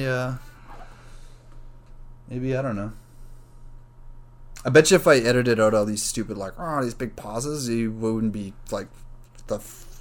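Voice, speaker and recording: A man with a slightly low voice talks alone on his podcast, drifting from one idea to the next. He swears freely, piles on filler words and figures things out as he goes. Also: a little hiss or hum. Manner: rambling, profane, thinks out loud. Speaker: podcast host. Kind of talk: casual solo podcast rambling.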